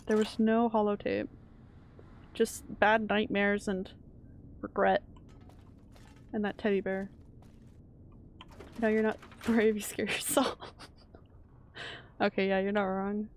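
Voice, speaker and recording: A woman's voice: medium pitch, gravelly, a little hiss or hum. A woman streamer chatting casually while she plays a game, jumpy and chatty, swearing when startled. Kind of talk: casual live-stream gameplay chat.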